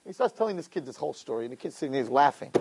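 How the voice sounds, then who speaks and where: A man telling a parable in a conversational, animated way, often checking in with "right?". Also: medium pitch, rapid-fire, vocal fry, a little hiss or hum. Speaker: storyteller. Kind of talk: animated storytelling talk.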